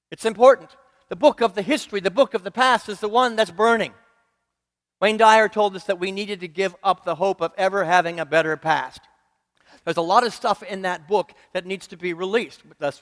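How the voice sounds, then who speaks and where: High-voiced preacher in a reverberant hall. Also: male voice, fairly bright tone. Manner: earnest, rhythmic repetition, asks the congregation questions. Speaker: minister. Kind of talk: sermon. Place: church sanctuary.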